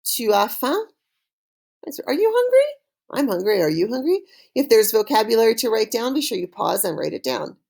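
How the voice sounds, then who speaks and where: Lively woman drilling French words. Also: a little high, creaky. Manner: slow call-and-repeat drilling with cheerful praise. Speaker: French teacher. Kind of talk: recorded online language lesson.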